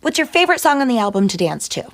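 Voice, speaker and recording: A woman interviewer asking a run of rapid-fire questions in an upbeat, brisk way. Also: fairly high pitch, big pitch swings, fairly bright tone.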